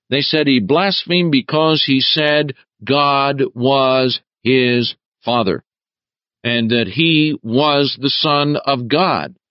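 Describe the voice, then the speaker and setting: A man preaching a verse-by-verse Bible teaching, slow and emphatic, his voice rising sharply on key words. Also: medium pitch, dry recording. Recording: dull lo-fi dry recording.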